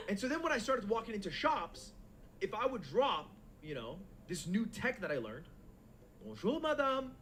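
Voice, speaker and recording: A young man with a fairly high voice tells a rambling anecdote, swinging his pitch up and down with animated, profane energy. It sounds like a casual stream chat with a faint hum of noise underneath. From United States. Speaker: stream co-host.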